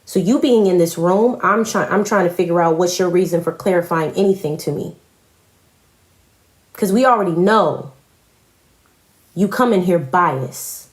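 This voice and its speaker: In a fairly low voice at normal speed, a woman rants on a live stream, pausing often as she confronts other commentators. Her heated tirade leans on heavy profanity and repetition. The room she's in sounds echoey.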